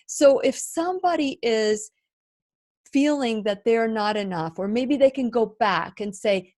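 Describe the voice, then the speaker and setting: A woman hosting a radio interview, asking long, halting questions full of fillers and restarts. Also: on the high side, animated, darkish tone. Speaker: radio show host.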